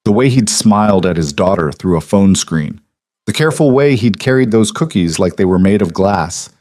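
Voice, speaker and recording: A man narrating a scripted story in a calm, measured way. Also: low-pitched.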